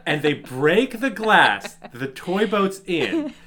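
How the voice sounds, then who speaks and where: Co-host, lively swooping pitch, incredulous, swears, casual recap. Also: slow. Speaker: podcast co-host. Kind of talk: casual movie recap chat.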